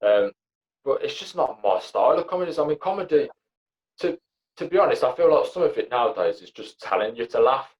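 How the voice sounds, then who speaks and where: A man's voice: mid-range voice, very animated, fairly quick, a little mellow. A young man, a podcast guest chatting casually, blunt and sweary, rambling with lots of fillers. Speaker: podcast guest, comedy actor and writer. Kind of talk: casual chat. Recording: dull lo-fi sound.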